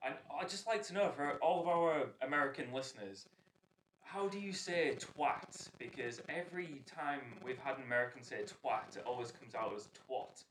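A man's voice: mid-range voice, moderate pace, crowd noise. Jokey hull man in an echoey room. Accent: Hull English. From England. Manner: jokey, bursts into laughter. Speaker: podcast co-host. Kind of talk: casual chat. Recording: echoey room with faint noise.

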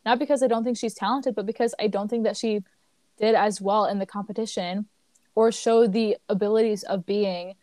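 A young woman talks with a friend over a video call, animated and quick to laugh, with plenty of swearing. Her voice sits at an ordinary pitch. The sound is close and dry. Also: no room sound. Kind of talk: casual chat, quiz game.

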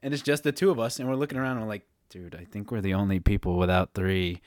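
A young man co-hosting a podcast, telling animated stories in casual chat and laughing often. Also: lowish voice, fast, no echo, clean studio sound. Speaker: podcast co-host.

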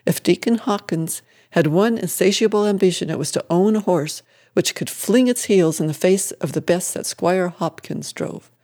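Mellow, steady audiobook narrator. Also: medium pitch, normal speed. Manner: steady storytelling.

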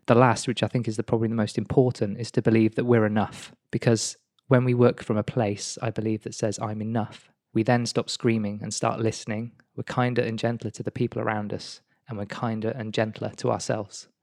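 A man's voice: on the low side, level tone, brisk, hardly any pauses, darkish tone. West Country man, reflective podcast host. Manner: reflective, rambling, laughs often. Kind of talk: casual chat.

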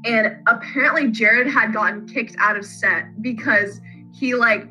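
A woman co-hosting a casual fan podcast, retelling scenes in a rambling, animated way. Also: a little high, a little slow, soft background music, poor audio. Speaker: podcast co-host.

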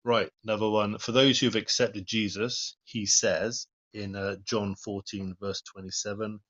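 A man's voice: on the low side, little pitch movement, unhurried, hardly any pauses, fairly bright tone, dull audio. A man giving an informal devotional talk, reading Bible verses and commenting on them in an earnest, plain-spoken way. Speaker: lay preacher.

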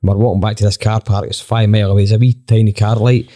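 Low, mellow man telling a story. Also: flat delivery, fast. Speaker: band member telling a story. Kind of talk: casual storytelling chat.

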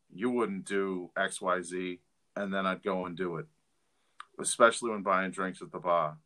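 Deep, bright-toned man telling blunt stories. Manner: candid, blunt storytelling with fillers and restarts. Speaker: podcast co-host. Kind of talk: casual podcast storytelling.

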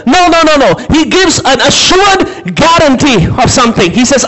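A man preaching a sermon, dramatic, shouting some phrases and dropping low and slow for others, asking listeners to repeat words after him. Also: very animated, poor audio. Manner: dramatic, swings from high emphatic shouts to low slow intense delivery.

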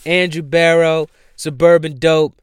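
With clean, studio-quality audio and no echo, this solo podcast host speaks at an unhurried pace in a fairly high voice. He's a young man from New recording in a home room, delivering casual, blunt, profane rants that turn heated before he signs off relaxed.

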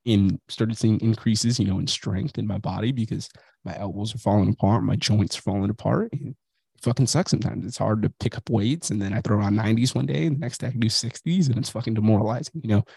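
Nursing a migraine, a podcast host in his thirties talks fast in a casual motivational monologue, bluntly, profanely and self-reflectively. His voice is fairly low, gravelly, husky and mellow, recorded with no echo.

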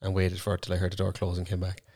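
A young Irish man from Cork with a low, deep voice, rattling through a story at a quick clip. He co-hosts a casual podcast chat, swears freely and acts out what others said in his own voice. His talk stays loose and unscripted. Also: monotone, warm tone. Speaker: podcast co-host.

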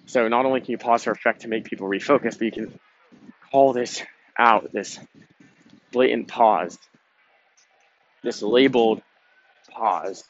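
A young man hosting a podcast, talking in a casual, emphatic, motivational way with some swearing. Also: on the low side. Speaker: podcast host. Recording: dull lo-fi sound with faint noise.

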